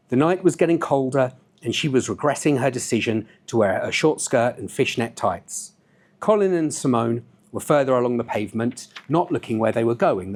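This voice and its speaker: Husky man reading his novel aloud. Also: medium pitch. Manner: relaxed, with offhand asides.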